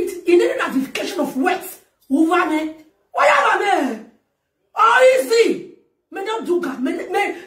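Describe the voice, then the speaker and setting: A woman with a Nigerian accent delivering a loud, laughing, shouting rant as a talk show host. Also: very high-pitched. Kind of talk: ranting monologue. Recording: echoey, far from the mic.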